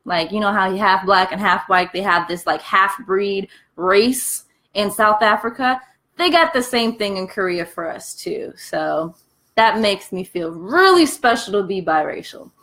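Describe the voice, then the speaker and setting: A young American woman vlogging casually, telling her story in a candid, profane, animated way while eating between sentences. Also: medium pitch, measured pace. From United States. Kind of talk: casual vlog chat.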